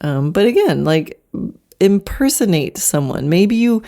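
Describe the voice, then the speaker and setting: Middle-aged female host for a solo horse-training talk, chatty and upbeat, low mellow voice. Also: vocal fry. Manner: chatty, animated, slips into quick mock demos. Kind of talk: solo podcast monologue.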